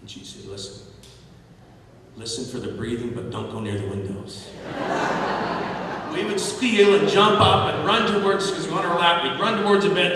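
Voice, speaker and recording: A middle-aged man giving a memorial tribute, telling family anecdotes with gentle humor. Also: high voice. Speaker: eulogist. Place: large hall at a memorial service. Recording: echoey hall from far off, noisy.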